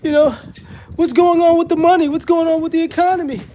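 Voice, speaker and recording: A man's voice: little pitch movement, quick pace, dark tone, slight background noise. A man putting on the voice of a confused, whining man complaining about money and the economy. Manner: whiny, high-pitched complaining. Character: whining middle-aged man, confused and panicky.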